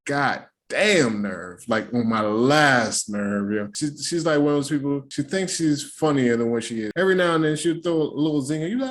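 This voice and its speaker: A man at a mid-range pitch gives a casual reaction-video recap. His delivery is loose and slangy, peppered with swearing and easy laughter. He drops into quick mocking impressions of the people he talks about. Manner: slangy and animated, with frequent laughs and playful quoted impressions. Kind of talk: casual profane recap commentary.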